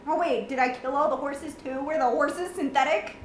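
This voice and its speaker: High-voiced woman ranting in an echoey room. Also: normal speed, slight background noise. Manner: exasperated, swears a lot, sarcastic. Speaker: gamer reacting to a game ending. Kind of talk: ranting reaction vlog.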